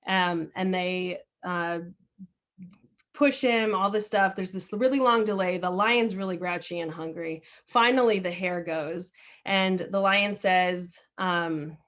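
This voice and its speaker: A woman's voice: on the low side, fairly even intonation, unhurried, fairly bright tone. A woman leading a discussion session over a video call, telling a story in a casual, chatty way full of filler words. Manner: chatty, many fillers and restarts. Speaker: discussion leader.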